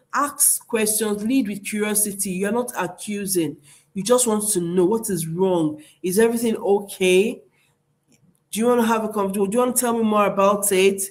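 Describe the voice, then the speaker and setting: Earnest woman giving parenting advice. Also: mid-range voice. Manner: earnest, repeats key phrases, asks "do you understand?". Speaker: parenting speaker.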